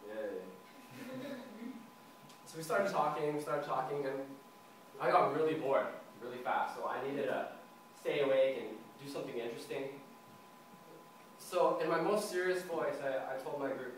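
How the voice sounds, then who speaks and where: A young man delivers a lively speech, acting out little dialogues and chuckling at his own jokes. His voice sits a bit high, and it is picked up from across a very echoey room with a faint hiss behind it. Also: moderate pace. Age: young adult. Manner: animated, acts out dialogues and laughs at own jokes. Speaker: club speaker giving a speech. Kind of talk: prepared public speech. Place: meeting room with a live audience. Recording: echoey room, mic from far off.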